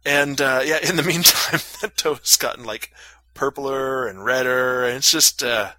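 A man's voice: mid-range voice, moderate pace, pushed and bright, no echo. A man casually telling a long story on a podcast, full of fillers and crude jokes. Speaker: podcast co-host.

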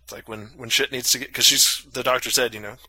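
A man's voice: mid-range voice, steady tone, fast, bright, forceful tone, breathy edge. A man casually telling a long story on a podcast, full of fillers and crude jokes. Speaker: podcast co-host.

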